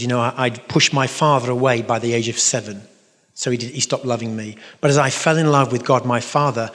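A man's voice: mid-range voice, a bit bright. English male preacher, emphatic and repetitive, playful asides, big reverberant hall. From England. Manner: emphatic, repeating phrases, playful noises. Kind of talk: sermon. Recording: long reverb of a large hall.

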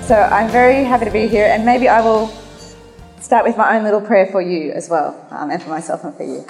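A woman's voice: mid-range voice, a little fast, vocal fry, a little mellow, faint music behind. A woman giving a religious talk with a spoken prayer, earnest and a little nervous, with many fillers. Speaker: guest speaker. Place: hall. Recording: echoey hall.

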